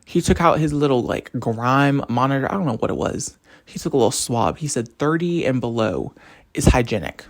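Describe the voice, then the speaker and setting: Young college guy on an animated rant, topic hopping, voice all over the place. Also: medium pitch, normal speed. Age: young adult. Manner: animated, rambling, jumps between topics. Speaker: college student vlogger. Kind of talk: casual rant to camera.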